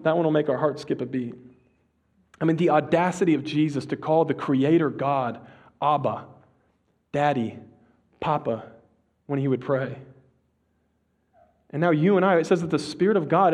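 A male pastor giving a sermon in a relaxed, conversational way, with slang and restarts, dropping to a slow hush on key phrases. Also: a little high.

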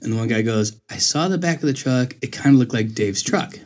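A young man in casual chat, telling a story in an animated way and jumping up in pitch when he quotes people. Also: brisk. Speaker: storyteller in conversation.

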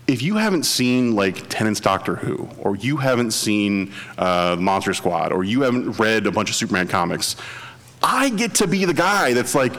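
A man chatting casually as a podcast co-host, animated and laughing often, with rambling restarts. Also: medium pitch, in a large hall. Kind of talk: casual chat.

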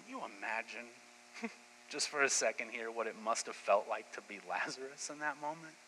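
Male pastor, sermon delivery, bright forceful tone, animated casual storytelling; echoey hall, faint hum. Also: medium pitch, fairly quick. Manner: lively storytelling retelling scripture in casual speech.

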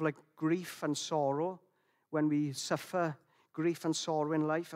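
A man preaching a sermon in a reflective, gentle way, with frequent restarts and fillers. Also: on the high side.

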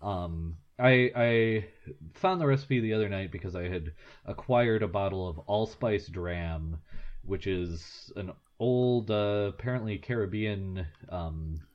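A man's voice: fairly low pitch, unhurried, highs cut off. A man co-hosting a podcast in casual chat, rambling and wry, with many fillers. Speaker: podcast co-host.

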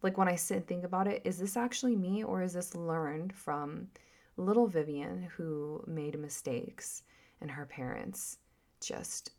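A woman vlogger and mother talking in a casual, reflective monologue that rambles and drifts into soft whispered asides. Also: fairly low pitch, a little slow.

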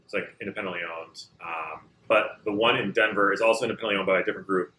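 Bright-voiced, self-mocking man. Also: on the low side, fairly even intonation, fast, slight background noise. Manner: self-deprecating, profane. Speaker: barber at a barbershop. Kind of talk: casual storytelling chat. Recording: roomy recording.

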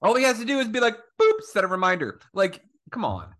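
A man co-hosting a casual podcast chat, animated, laughing often and acting out quotes. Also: high voice, fast. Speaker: podcast co-host.

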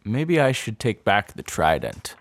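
A man casually chatting while playing a tabletop role-playing game, easygoing and quick to laugh. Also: fairly low pitch, wildly swooping pitch, dry recording, clean studio sound. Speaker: player.

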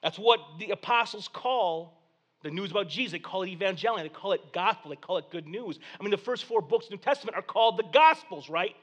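A pastor preaches with a high-pitched male voice. His delivery is dynamic, sinking to near-whispers before surging into loud, excited declarations. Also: fast, slightly rough. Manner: dynamic preaching, dropping to hushed tones then rising to loud exclamations. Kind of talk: sermon.

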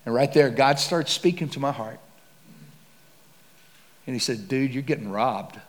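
A man preaching with dramatic storytelling, swinging from hushed to loud and excited. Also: medium pitch, unhurried. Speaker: pastor. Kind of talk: sermon storytelling. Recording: long hall reverb.

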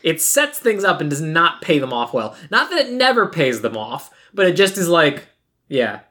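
A woman co-hosting a casual podcast, recapping a movie and acting out the characters' lines in an animated way. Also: low-pitched, normal speed. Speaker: podcast co-host. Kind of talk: casual chat reviewing a movie.

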